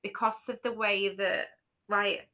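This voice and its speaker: On a podcast, a female co-host from Yorkshire, England, with a light local accent, chats casually and rambles with lots of fillers and restarts. Her voice is medium in pitch and bright and forceful in tone, with a flat delivery at a slow pace.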